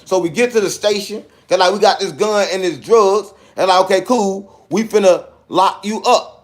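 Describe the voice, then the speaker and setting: An animated man with a high voice tells a personal story in a loose, casual way. He acts out every line of dialogue and keeps dropping in sound effects like "boom" and "bam.". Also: normal speed. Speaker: podcast host telling a personal story.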